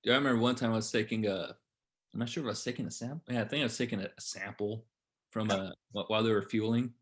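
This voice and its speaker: A young man co-hosting a casual podcast, telling animated, profane stories. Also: on the low side, fast talker. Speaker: podcast co-host. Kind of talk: casual chat.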